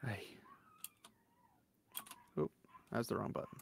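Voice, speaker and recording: A man co-hosting a reaction video in casual group commentary, joking and mocking with frequent laughter. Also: unhurried. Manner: jokey, mocking, laughs often. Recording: dry close sound.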